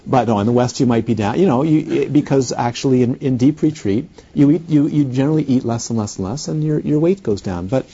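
A man giving a dharma talk as a meditation teacher, unhurried and playful, often turning questions back to the listeners. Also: mid-range voice, warm tone, husky, highs cut off.

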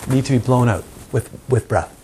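A man's voice: mid-range voice, moderate pace, dark tone, slight background noise. A man giving a meditation teacher's live talk to a group, often questioning the audience and acting out examples.

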